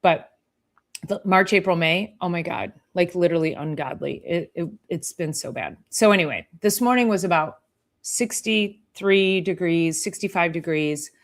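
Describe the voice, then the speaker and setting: A woman's voice: on the low side, normal speed. A woman chiropractor hosting a live health talk, chatting casually and acting out her patients with playful sing-song sounds.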